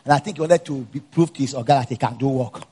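A man with a Nigerian accent preaches fast with a breathy edge, folding a personal story into the sermon. Asides come out low, while the preaching rises loud.

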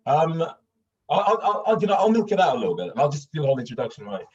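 A man's voice: a little high, sing-song, fast, a little mellow. Rambling Swedish-raised man, distant dull mic. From Sweden. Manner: rambling, many restarts and fillers. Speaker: guest actor. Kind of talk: casual interview over video call.

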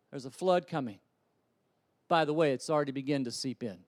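Middle-aged man, pastor, sermon, impassioned then quiet storytelling, dry close sound. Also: medium pitch, brisk, pauses often, no echo. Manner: impassioned, swings from loud urging to quiet storytelling. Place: church sanctuary.

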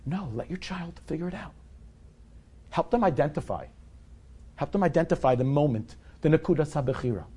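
A man's voice: fairly high pitch, expressive, brisk, pauses often, warm tone, husky. A man in his forties telling a personal story to a live audience in a candid, conversational, self-deprecating way. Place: event hall with a live audience.

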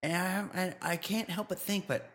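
A man co-hosting a comedy podcast, chatting casually and leaping up in pitch when he is incredulous. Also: fairly even intonation, normal speed, fairly bright tone. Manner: incredulous, jumps high in pitch for emphasis. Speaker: podcast co-host.

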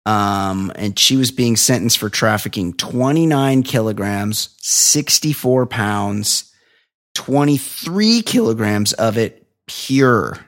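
A podcast co-host reads news stories aloud, then riffs on them with profane jokes. His voice is fairly low and animated, and he takes his time.

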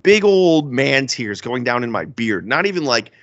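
A young man co-hosting a casual podcast about movies, animated and enthusiastic, laughing often. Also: mid-range voice, moderate pace, no echo, lo-fi sound. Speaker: podcast co-host.

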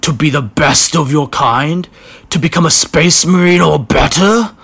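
A man voicing a chaos-corrupted male space warrior who speaks through gritted teeth in a raspy but strong tone. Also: a little high, measured pace, a bit bright, voice pushed up, heavily acted. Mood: taunting.

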